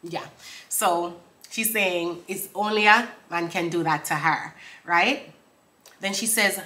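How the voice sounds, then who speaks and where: A woman breaking down song lyrics for viewers, laughing often and reading lines out slowly before explaining them. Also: on the low side, sharp tone. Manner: talks straight to viewers, asks for comments. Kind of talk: casual chat.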